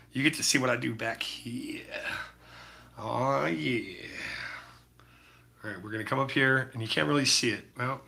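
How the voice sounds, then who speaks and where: A man's voice: medium pitch, vocal fry, sharp tone. A man chatting casually with his live-stream chat while he paints, laid-back and full of slang. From Utah. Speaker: livestreaming painter.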